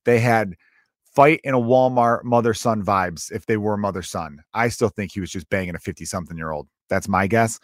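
A man who is a stand-up comedian, telling a story in a casual, profane, animated way and acting out the quotes. He speaks as someone grieving. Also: fairly low pitch, moderate pace, dry recording, studio quality.

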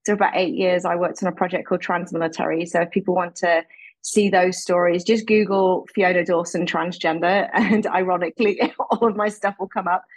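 A woman's voice: fairly low pitch, fairly even intonation, a little fast, no echo, poor audio. Chatty British woman on a call. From Britain. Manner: chatty, laughs often. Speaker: guest, advocate. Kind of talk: casual podcast interview. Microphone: remote call.

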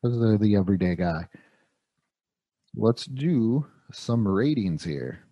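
A man's voice: on the low side, animated, takes it slowly, mellow, no echo, lo-fi sound. A man hosting a casual movie review podcast, rambling enthusiastically about action heroes. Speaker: podcast host.

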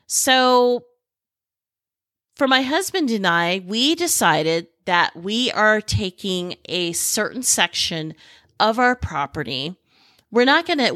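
A middle-aged woman hosts a podcast in an unhurried, drawn-out way, recorded close and dry with no room sound. She rambles with excitement, restarting her sentences as she goes. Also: lowish voice, dry recording. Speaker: podcast host. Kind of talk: casual podcast talk.

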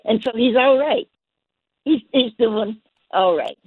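A woman guest telling a gentle story on a call-in show, halting and repeating her words. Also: on the high side, lively intonation, breathy edge, dry recording. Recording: dry tinny phone line.

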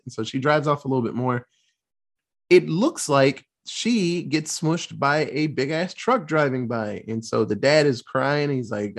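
Talking casually about a film he's recapping for his podcast, this man speaks at medium pitch. He swears freely, keeps things relaxed and rattles off quotes in rapid impressions.

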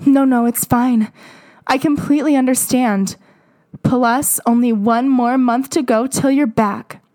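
A woman reading the lines of an excitable, lovesick teenage girl from a fan fiction. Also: fairly high pitch, unhurried, no echo, clean studio sound, natural voice. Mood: eager.

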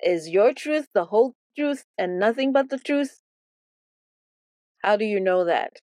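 A woman's voice: medium pitch, expressive, a little slow, a little mellow, no room sound. A woman teaching a Bible lesson as playful, theatrical storytelling, often repeating words for effect.

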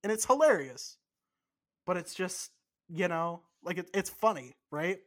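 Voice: medium pitch, animated, a little slow. Rambling, cursing podcast co-host. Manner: rambling, casual swearing. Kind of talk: casual podcast chat.

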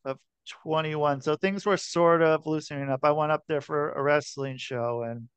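A man's voice: on the high side, fairly even intonation, normal speed, clear, resonant tone, no echo, muffled recording. A man hosting a podcast, chatting casually with a guest, swearing freely and restarting his sentences. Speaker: podcast host. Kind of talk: casual interview chat.

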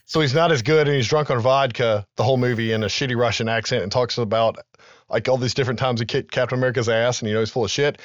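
A man co-hosting a podcast, talking through movie trivia in a loose, conversational way with the odd curse word. His voice sits at an ordinary middle pitch. The recording is dry and a little dull, with a lo-fi edge. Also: fairly even intonation, fast, dry recording. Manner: conversational, recaps film trivia with loose asides and profanity. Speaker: podcast co-host. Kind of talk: casual podcast chat.

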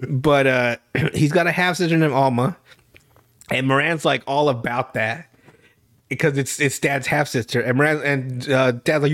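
A young man with a somewhat high voice rambles through a TV recap, swearing freely and laughing as he goes. He restarts sentences over and over, talking casually to a friend as podcast host. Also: steady tone, brisk. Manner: rambling, profane, laughs often, many restarts. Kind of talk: casual chat.

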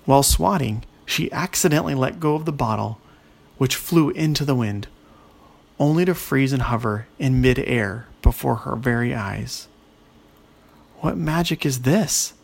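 Gravelly male children's storyteller. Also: medium pitch, moderate pace.

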